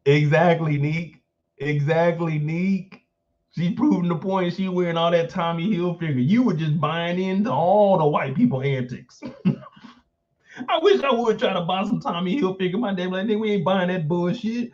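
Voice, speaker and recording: A man's voice: sits high, normal speed, darkish tone, highs cut off. A man from the Midwest hosting a casual live stream. He jokes, swears freely and often breaks into laughter. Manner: joking, profane, breaks into laughter.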